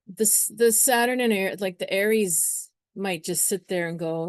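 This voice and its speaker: A woman's voice: medium pitch, moderate pace, dry recording, clean studio sound. A woman astrologer talking casually to her viewers, chatty and meandering, slipping into acted-out little scenes. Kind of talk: casual astrology talk to camera.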